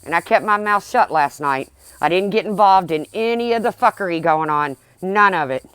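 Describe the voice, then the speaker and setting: A woman's voice: on the low side, lively intonation, normal speed, fairly bright tone, clear, resonant tone, no echo. Angry, profane woman ranting on a livestream. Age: middle-aged. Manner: blunt, profane, heated.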